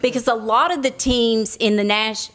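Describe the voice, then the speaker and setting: A woman's voice: on the high side, steady tone, moderate pace, a bit bright. A woman from Tennessee with a Southern accent, giving a proud, enthusiastic speech at a school board meeting.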